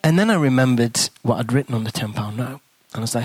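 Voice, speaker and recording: A man's voice: medium pitch, fast talker, breathy edge, no room sound. A man, a priest and guest speaker, telling a story in a sermon and acting out the conversations in it. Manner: animated storytelling, acts out dialogue, hushed in tender moments.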